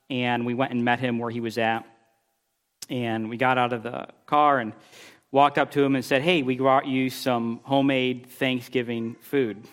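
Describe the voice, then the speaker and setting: A middle-aged man preaching a sermon, telling a story with animated, exasperated bursts. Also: smooth. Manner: animated storytelling, rising pitch when exasperated. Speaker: pastor.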